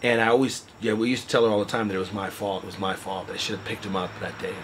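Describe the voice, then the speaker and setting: A man earnestly recounting a personal story in a halting way, his voice often trailing off quietly. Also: lowish voice, level tone, slight background noise, rough recording. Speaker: interviewee telling a personal story. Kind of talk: candid personal account.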